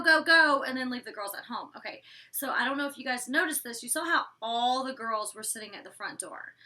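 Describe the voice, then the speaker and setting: A woman's voice: fairly high pitch, sharp tone, distant mic. A woman in her twenties casually recapping a reality show episode, blunt and sassy, swearing freely. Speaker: former reality show cast member reviewing episodes.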